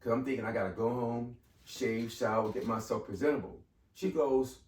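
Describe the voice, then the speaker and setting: A man in his fifties, appearing as a podcast guest, tells a personal story in casual conversation, speaking at medium pitch and normal speed. He is animated and acts out the voices of the people in it. The mic is far off in an echoey room.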